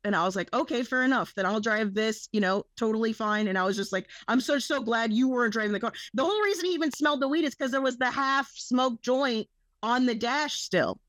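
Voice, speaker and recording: Brief: young woman, slightly high voice, casual podcast storyteller who swears a lot, dry close mic. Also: a little fast, a bit bright, no echo. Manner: rambling, swears freely, quotes people in her story. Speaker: podcast co-host.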